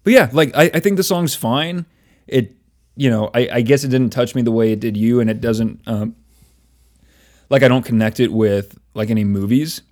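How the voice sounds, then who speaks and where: A man in easy conversation, trailing into asides and filling gaps with "like" and "um". He laughs often as he goes. His pitch sits in an ordinary middle range. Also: moderate pace, a little mellow. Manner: laughs often, many fillers and restarts. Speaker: podcast co-host. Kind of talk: casual chat.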